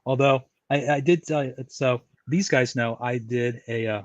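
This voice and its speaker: A man tells chatty, animated stories on a casual podcast. His voice sounds dry and close, with no room echo. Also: medium pitch, moderate pace. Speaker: podcast host.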